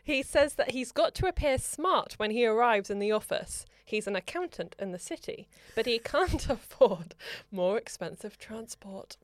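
A woman's voice: a little high, lively intonation, moderate pace, hardly any pauses, no echo, clean studio sound. A woman co-hosting a podcast in casual chat, giggling as she reads a question aloud. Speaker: podcast co-host.

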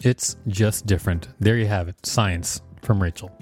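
A man's voice: normal speed, a little mellow, faint music behind. A man co-hosting a podcast, reading facts aloud and joking around in casual chat. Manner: jokey, reads aloud with playful pitch swings. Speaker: podcast co-host.

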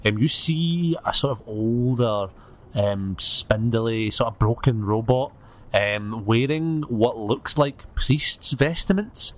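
A man narrating as game master in a relaxed, casual way. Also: mid-range voice, slow pace. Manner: casual, loose, filler-heavy.

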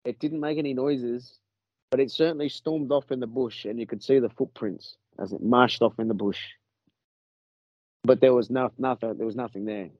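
A man's voice: mid-range voice, moderate pace, no room sound, muffled recording. A man with an Australian accent telling a story in a casual podcast chat, rambling and swearing with many restarts.

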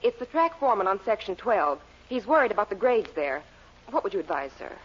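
A woman's voice: mid-range voice, sing-song, a little fast, husky. A woman playing a polite, fretful secretary in 1940s radio comedy acting. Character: fussy, worried female secretary. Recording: dull 1940s radio broadcast, hiss.

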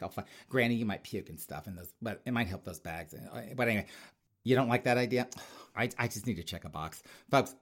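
A man's voice: fairly low pitch, natural voice. A man voicing a fussy, catty male government official with a clipboard, who mutters whispered asides.

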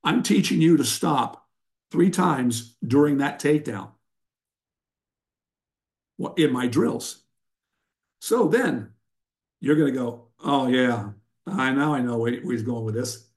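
Older male coach guest, emphatic, sarcastic, mid-pitched voice. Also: lively intonation, takes it slowly, pauses often, darkish tone. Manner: blunt, emphatic, sarcastic storyteller. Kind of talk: instructional interview talk.

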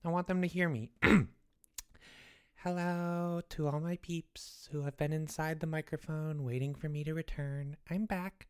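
A woman voicing Jeffrey, a scatterbrained, excitable young boy who rambles as a comedy podcast co-host. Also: low-pitched, measured pace, clean tone. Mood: rambling. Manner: scatterbrained, rambling, easily sidetracked.

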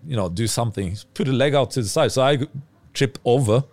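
A man who is a former footballer, a guest on a podcast, talking in a relaxed and halting way as he searches for his words. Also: mid-range voice, no echo.

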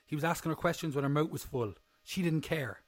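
Young male podcast host, slightly high voice, chatty self-mocking recap, dry sound. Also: fairly quick, no room sound. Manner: rambling, jokey, self-mocking. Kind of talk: casual solo recap chat.

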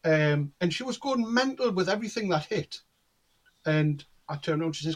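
Guy in his 40s, kinda high voice, telling stories and doing all the back and forth voices. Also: normal speed. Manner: animated storyteller, acts out quoted dialogue. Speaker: guest, cold reader. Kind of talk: casual storytelling chat.

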